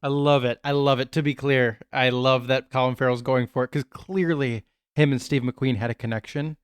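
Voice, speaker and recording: Man, podcast host; dry humor, smooth resonant voice, close dry mic. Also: mid-range voice, steady tone, moderate pace, no echo. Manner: wry, joking. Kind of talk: casual podcast chat.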